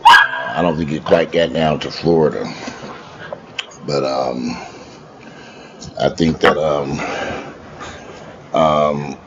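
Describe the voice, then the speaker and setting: A man's voice: a bass voice, slow, pauses often. A man talking to his viewers from home in a blunt, profane, rambling monologue. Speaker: vlogger. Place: at home indoors. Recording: slightly dull lo-fi sound with faint background noise.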